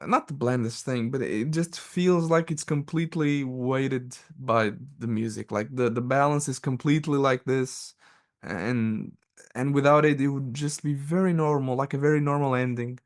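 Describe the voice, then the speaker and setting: A man's voice: mid-range voice, moderate pace. A man with a Portuguese accent co-hosting a film podcast, talking casually in a thoughtful, hesitant way with many restarts. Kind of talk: casual film review chat.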